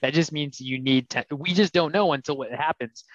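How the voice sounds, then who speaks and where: A man's voice: fairly high pitch, normal speed, few pauses, dry recording. Candid man co-host, dry and dull sound. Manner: candid, explanatory, retells conversations. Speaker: podcast co-host. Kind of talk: casual podcast chat.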